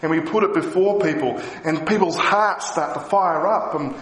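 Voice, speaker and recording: Pastor preaching in an echoey hall. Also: male voice, moderate pace. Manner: animated preaching, voices quotes with rising pitch. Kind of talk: sermon.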